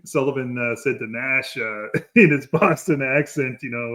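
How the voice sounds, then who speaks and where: A man's voice: mid-range voice, moderate pace, few pauses, fairly bright tone. A man co-hosting a podcast in a casual wrestling history chat, rambling with lots of fillers and laughing through his stories. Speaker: podcast co-host.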